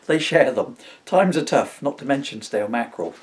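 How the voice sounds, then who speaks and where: An older man voicing a cheeky, literal-minded male clerk who answers everything with deadpan puns in a comic story. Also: mid-range voice, a little fast, close to an everyday voice.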